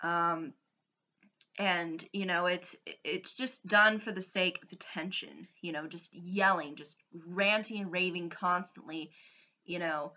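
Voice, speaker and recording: A woman's voice: on the low side, fairly even intonation, takes it slowly, bright, forceful tone. A woman vlogger giving her opinion in a casual, earnest ramble, often restarting her sentences.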